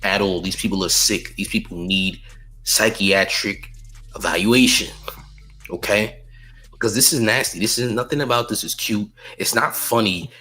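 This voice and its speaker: A man's voice: on the low side, moderate pace, sharp tone, rough recording. A man giving opinionated celebrity news commentary, blunt and emphatic, often repeating slang tags at the end of his points.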